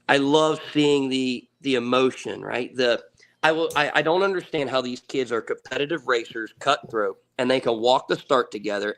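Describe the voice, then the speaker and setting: An earnest man in his late thirties talks through a story as a podcast guest. He rambles a little, doubles back on his words and drops the odd curse without fuss. His voice sits at an ordinary pitch for a man. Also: fairly bright tone. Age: 30s. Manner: earnest, repeats words, swears casually. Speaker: podcast guest, ATV racer. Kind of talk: casual storytelling.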